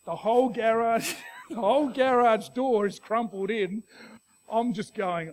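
A middle-aged man with an Australian accent, preaching a sermon through an animated personal story full of restarts. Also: very high-pitched, a little slow.

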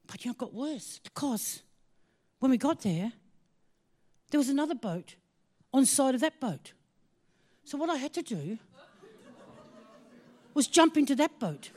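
A woman preaching a sermon, telling a personal story with animated swings between hushed asides and excited exclaiming. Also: high voice, unhurried, pauses often.

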